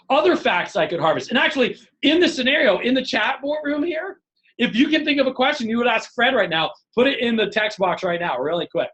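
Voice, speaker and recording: A man's voice: extremely high pitch, fairly quick, rough recording. A middle-aged man leading a live leadership webinar, teaching with lots of energy and acting out bits of dialogue. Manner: energetic, animated, acts out dialogue. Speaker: leadership trainer.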